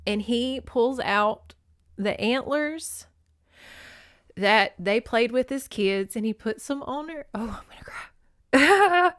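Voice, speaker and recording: A podcast host recaps a movie in a folksy, sentimental way, laughing often as she tells it with fond affection. Her voice is smooth and medium-pitched, recorded in clean studio sound with no echo.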